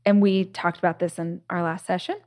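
Female podcast host, slightly low voice, reflective conversational storyteller. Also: little pitch movement, fairly quick, a little mellow. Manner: reflective, storytelling, many "like" fillers.

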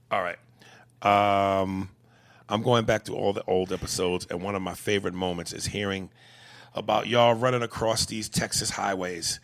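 A man hosting a podcast, reading listener emails aloud in casual chat, profane and quick to laugh. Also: fairly low pitch. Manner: profane, laughing, animated reader.

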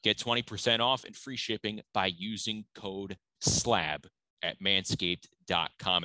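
A podcast host reading a sponsor ad in a jokey, cheeky manner. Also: male voice, lowish voice, fairly even intonation, a little slow, bright, forceful tone, no room sound, poor audio. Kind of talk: casual host read of an ad.

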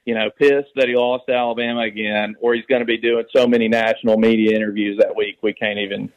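A man's voice: fairly low pitch, level tone, quick pace, no echo. Man rambling on a muffled phone. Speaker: caller. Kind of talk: casual call-in chat and joke telling.

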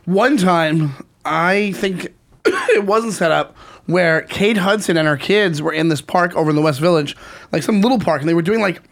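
A man co-hosting a podcast, telling stories in a loose, animated way with frequent laughter. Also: sits high, moderate pace, gravelly. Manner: animated storyteller, laughs and swears often. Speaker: podcast co-host. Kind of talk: casual chat.

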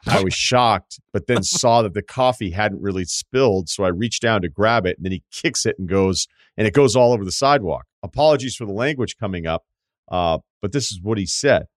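A man's voice: on the low side, animated, fairly quick, no room sound, clean studio sound. A man hosting a podcast advice segment, reading listener letters aloud and answering in a candid, joking way with rambling asides. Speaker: podcast host.

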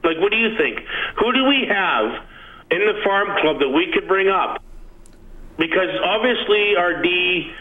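A man's voice: sits high, expressive, unhurried. A man calling in to a radio sports show, asking questions hesitantly with many fillers. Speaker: caller. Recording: phone line.

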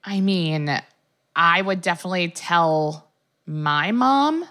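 A woman co-hosting a podcast, chatting casually, laughing easily and reacting quickly. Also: fairly low pitch, expressive, a bit bright. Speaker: podcast co-host. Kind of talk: casual chat.

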